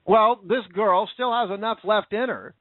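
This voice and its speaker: A man's voice: high voice, normal speed, no room sound. A man delivering an angry, profane rant full of rhetorical questions, turning sarcastic at times. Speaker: commentator. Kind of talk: angry ranting monologue. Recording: tinny phone-like dry sound.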